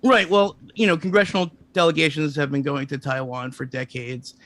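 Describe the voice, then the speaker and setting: Calm, dry-sounding interview guest man. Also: fairly high pitch, normal speed, no echo. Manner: calm, explanatory, matter-of-fact. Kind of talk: interview answers.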